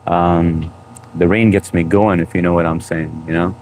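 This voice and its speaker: A low-pitched man chats loosely on a live stream, greeting viewers by name. His tone is playful and teasing, and a faint background hum sits under the voice. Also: little pitch movement, normal speed, a little mellow. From United States. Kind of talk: casual live-stream chat reading comments. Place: home room, New York.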